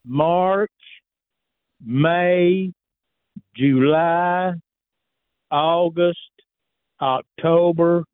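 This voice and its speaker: A man calling in to a radio show, speaking politely and slowly in a folksy way, heard over the phone. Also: a little high, fairly even intonation, clear, resonant tone, dry recording. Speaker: caller. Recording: tinny phone line.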